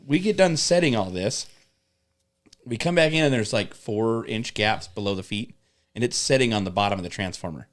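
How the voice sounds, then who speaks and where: A man's voice: on the low side, normal speed. Swearing man telling job stories. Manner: animated, swears often, acts out coworkers. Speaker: podcast guest telling work stories. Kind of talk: casual storytelling with profanity.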